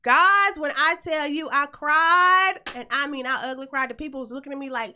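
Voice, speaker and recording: A middle-aged woman with a high, bright voice tells a story to her listeners. She talks bluntly and swears freely, and she keeps the telling animated. The setting is a casual hosted chat. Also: a little fast. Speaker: host.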